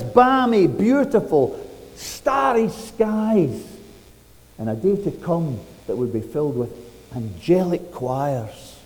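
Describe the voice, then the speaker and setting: A man's voice: sits high, very animated, slow, dark tone, long reverb tail, poor audio. A man preaching a sermon, retelling a story dramatically and asking rhetorical questions.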